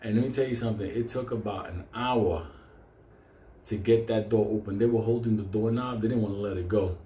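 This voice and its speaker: A man telling a profane comic story, animated and often laughing. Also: lowish voice, brisk, a little hiss or hum. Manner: animated, laughing, heavy swearing. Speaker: show host telling a story. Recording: echoey room with faint ambience.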